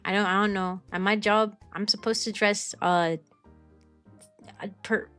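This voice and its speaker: A woman's voice: medium pitch, fairly even intonation, measured pace, fairly bright tone, smooth, faint music behind. A young woman from the United States, a streamer who teaches kindergarten, chatting casually with viewers and rambling with restarts and fillers. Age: young adult. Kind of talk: casual chat answering viewers.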